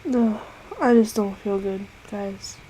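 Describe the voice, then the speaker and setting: A sick young woman, congested and hoarse, talking wearily in a casual vlog, with many pauses and fillers. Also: medium pitch, steady tone, dark tone, slight background noise, low-quality recording. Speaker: vlogger.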